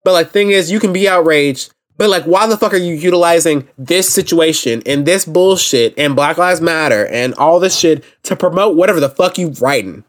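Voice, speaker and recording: A man's voice: fairly high pitch, normal speed, hardly any pauses. A young man hosting a solo podcast, ranting in a blunt, impassioned and profane way. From United States. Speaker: podcast host.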